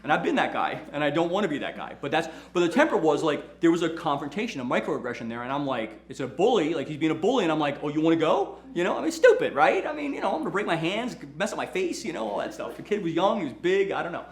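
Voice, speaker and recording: A man, a lawyer, giving a casual motivational talk and telling animated stories, often checking in with "right?". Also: fairly high pitch, quick pace, few pauses, echoey room. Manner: animated storytelling, repeats "right?", acts out quotes. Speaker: lawyer and firm owner hosting a talk.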